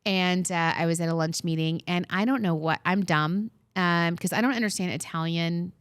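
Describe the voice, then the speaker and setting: A woman co-hosting a casual chat podcast, telling stories in an excitable, animated way. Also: fairly low pitch, normal speed, smooth, dry recording, studio quality. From Long Island, New York. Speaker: podcast co-host.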